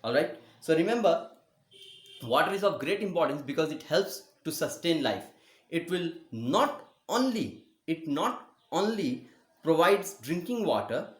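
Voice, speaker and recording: A male school teacher giving a geography lesson, speaking slowly, repeating words and spelling them out letter by letter, with frequent checks of "okay?". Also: fairly high pitch. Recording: echoey room.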